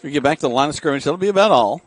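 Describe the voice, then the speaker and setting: A man giving quick, dry play-by-play of a high school football game for radio, from outdoors at a stadium. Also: expressive. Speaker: play-by-play announcer.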